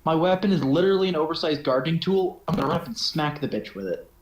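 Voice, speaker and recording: An excitable man plays in a tabletop game over voice chat, often breaking into laughter. His voice sits fairly high. The sound bounces around an echoey room. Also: quick pace, noisy background. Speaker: player.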